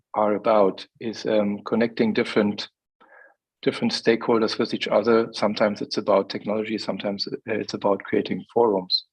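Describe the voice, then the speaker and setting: A man's voice: on the low side, husky, low-quality recording. A man giving a conversational presentation as a guest on a video call, often repeating words as he starts a thought.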